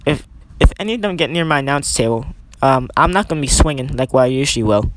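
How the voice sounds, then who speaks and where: A young man with a mid-range, expressive voice talks fast, with no echo, giving casual play-by-play commentary over a wrestling video game. He rambles, corrects himself, and drops chatty asides.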